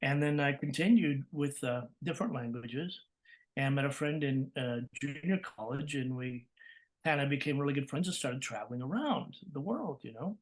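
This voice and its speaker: A man from California, a voice actor, telling stories in an interview with lively energy, laughing often and acting out the voices he quotes. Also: mid-range voice, moderate pace. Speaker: guest, voice actor. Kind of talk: interview storytelling.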